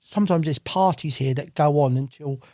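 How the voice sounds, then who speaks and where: A man, a guest angler on a podcast, telling stories in a casual, animated way, swearing freely and acting out what people said. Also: on the high side, moderate pace, dry recording, clean studio sound. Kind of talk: casual storytelling chat. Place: podcast studio. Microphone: studio mic.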